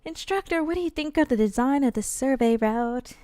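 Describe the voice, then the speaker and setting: A woman's voice: high voice, lively intonation, brisk, dark tone, dry recording, pitched above the performer's own voice. A courteous young male soldier praises his instructor, read aloud by a woman streamer. The delivery is plain and unacted, like someone reading game text off the screen. The sound is dry and close, with no room around it. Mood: earnest.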